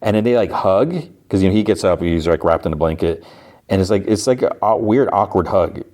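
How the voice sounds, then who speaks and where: A man's voice: low voice, a little fast, a little mellow. A man hosting a podcast, casually recapping a TV episode in a rambling way with plenty of fillers. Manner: rambling, lots of "like". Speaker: podcast host.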